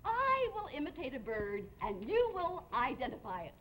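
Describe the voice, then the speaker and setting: A comic actress in a TV sketch plays a rigid, commanding female pack leader of girl rangers, using a high, bright, exaggerated voice with huge pitch swings at normal speed. She sounds stern, stiff, and military, heard over a noisy TV broadcast with a studio audience.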